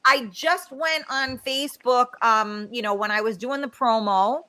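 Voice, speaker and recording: High, bright-voiced woman hosting a talk show. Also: a little slow. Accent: regional American accent. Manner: blunt, profane and giggly. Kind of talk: live talk show chat. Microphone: video call.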